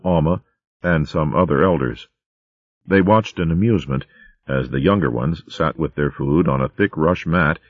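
Deep-voiced man reading a storybook. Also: dry recording, lo-fi sound. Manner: steady, vivid reading. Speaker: narrator. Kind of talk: storybook narration.

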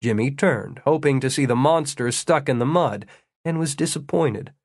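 A man reading an audiobook, telling an adventure story in a measured way with dry humor. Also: medium pitch, dry recording. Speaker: narrator. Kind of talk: audiobook narration.

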